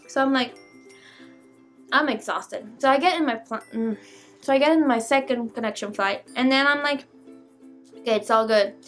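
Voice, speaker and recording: Young female vlogger, high voice, exasperated animated storyteller. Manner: animated, exasperated, swears casually. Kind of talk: casual storytime vlog.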